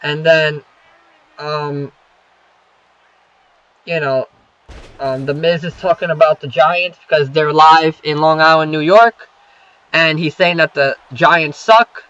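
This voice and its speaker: A man's voice: on the high side, fairly even intonation, slow pace, pauses often, pushed and bright, dry recording. A young man casually recapping a wrestling show, rambling with lots of fillers and profanity. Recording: dull lo-fi home recording.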